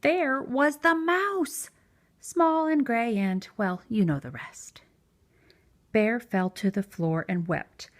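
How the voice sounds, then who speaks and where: A woman reading a picture book aloud to young children, gentle and expressive. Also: fairly high pitch, slow pace. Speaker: children's story reader. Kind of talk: read-aloud storytelling for preschoolers.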